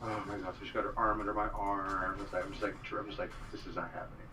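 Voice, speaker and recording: A man's voice: on the low side, flat delivery, quick pace. A man telling a rambling story in casual chat, full of fillers. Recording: distant mic with noise.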